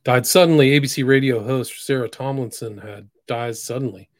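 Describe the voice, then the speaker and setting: A man hosting a solo podcast, reading posts aloud in a flat voice broken by sudden loud, emphatic bursts. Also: medium pitch, normal speed, no room sound, studio quality. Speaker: podcast host.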